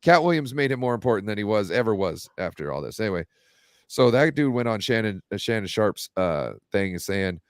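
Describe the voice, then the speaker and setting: A man's voice: lowish voice, brisk, clean tone, no room sound, studio quality. A man co-hosting a casual sports talk show, telling rambling stories with lots of fillers. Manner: rambling, animated storyteller with many fillers. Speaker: podcast co-host.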